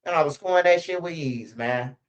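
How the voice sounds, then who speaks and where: Profane rambling man, slightly high voice. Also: fairly quick, dull audio. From Chicago. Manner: rambling, slang-heavy and profane. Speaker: channel host. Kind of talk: casual storytelling commentary.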